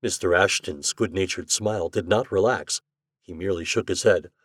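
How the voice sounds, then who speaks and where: A man's voice: low-pitched, moderate pace, no room sound, studio quality. A man who hosts an audio fiction podcast and narrates classic stories in a friendly, conversational manner. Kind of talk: scripted narration.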